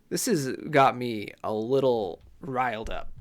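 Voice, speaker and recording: A man's voice: mid-range voice, slow pace. A man giving casual gameplay commentary, rambling to himself with mock outrage.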